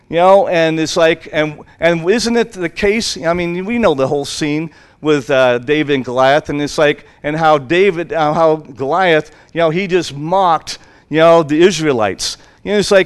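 Male preacher, slightly higher voice, loose conversational sermon with lots of fillers. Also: moderate pace, smooth. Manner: rambling and conversational, many fillers, acts out quotes. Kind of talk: informal sermon retelling a Bible story.

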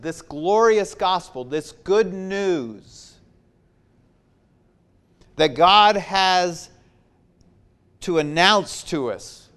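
A man preaching a sermon, slow and emphatic, repeating his key phrases. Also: on the high side, fairly bright tone.

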